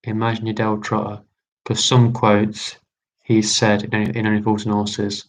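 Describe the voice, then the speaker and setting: A man's voice: fairly low pitch, monotone, a little slow, rough recording. A man hosting a live online quiz, chatty and repeating his lines. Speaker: quiz host.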